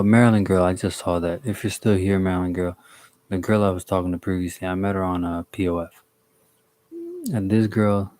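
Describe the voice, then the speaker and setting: Young man, low voice, flat delivery, halting storytelling, lots of restarts, blunt and sweary, chatting to a live stream. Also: dry recording. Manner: halting, with many restarts and fillers. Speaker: live streamer reading chat. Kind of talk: casual storytelling to a live chat.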